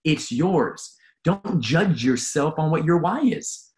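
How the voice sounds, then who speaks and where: A man's voice: fairly high pitch, lively intonation, takes it slowly, a little mellow. A man giving an earnest, emphatic motivational talk as a mental performance coach, repeating his key phrases. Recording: roomy echo.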